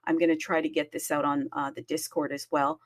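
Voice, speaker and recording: A woman hosting a live audio space in casual chat, bubbly and talkative, laughing often and swinging her pitch up with excitement. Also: a little fast, no echo.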